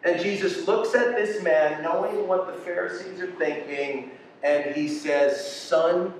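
A man preaching a sermon with passion, swinging between quiet and loud delivery. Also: high voice, fairly even intonation, a little slow, slight background noise. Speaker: pastor. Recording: echoey room from far off.

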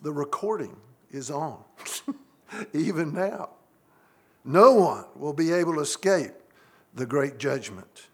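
A man's voice: fairly high pitch, expressive, takes it slowly, long pauses, a bit bright, breathy edge. A middle-aged man, preaching a sermon to his congregation in an earnest way, often asking the listeners questions. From United States. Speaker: pastor.

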